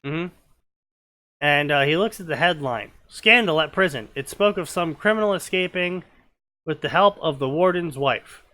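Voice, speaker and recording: A man's voice: on the high side, animated, normal speed, pushed and bright. Sarcastic young man reading fanfiction aloud. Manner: sarcastic, mocking, breaks into laughter. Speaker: fanfiction reader and commentator. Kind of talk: comedic dramatic reading with commentary.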